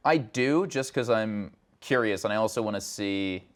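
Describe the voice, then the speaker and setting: A man's voice: lowish voice, moderate pace. A man hosting a studio interview, asking questions in a casual, hesitant way with many "uh" and "like" restarts. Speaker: interviewer host.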